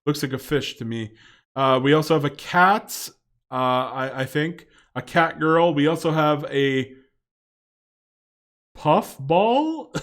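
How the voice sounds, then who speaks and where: A man's voice: fairly high pitch, a bit bright. A man giving a casual, rambling video commentary, with many fillers and chuckling asides.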